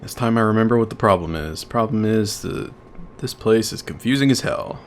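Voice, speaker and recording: Streamer dude swearing at a game, pitch all over the place, faint hum behind. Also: male voice, lively intonation, moderate pace. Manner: swearing, joking, talks to himself and the game. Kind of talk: casual gameplay commentary.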